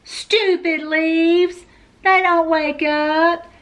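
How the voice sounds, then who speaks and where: A woman voicing a big bossy female capybara bully who shouts her words stubbornly in a storybook reading. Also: high voice, lively intonation, extremely slow, exaggerated voice. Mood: huffy.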